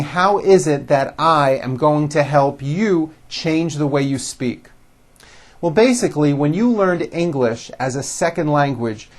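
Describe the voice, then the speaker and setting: A man with an American accent teaching English pronunciation, speaking slowly and deliberately with very clear enunciation in a scripted talk to camera. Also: on the high side.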